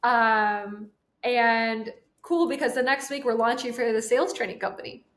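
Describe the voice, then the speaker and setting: A woman in her twenties, a sales trainer appearing as a guest, tells a casual story in a fairly high voice at normal speed. She's animated, laughs often, and acts out the quotes within it.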